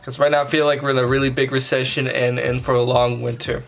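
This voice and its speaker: A man recapping his results in a casual vlog, talking in quick bursts and restarting sentences. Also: mid-range voice, little pitch movement, gravelly, a bit bright, faint music behind. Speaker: sneaker bot vlogger.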